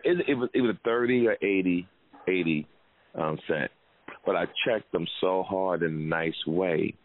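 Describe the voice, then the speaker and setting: Deep-voiced podcast host guy, cussing and doing voices, sounds like a phone line. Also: moderate pace, slight background noise. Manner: loose, profane storytelling with animated quoted voices. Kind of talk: casual podcast chat.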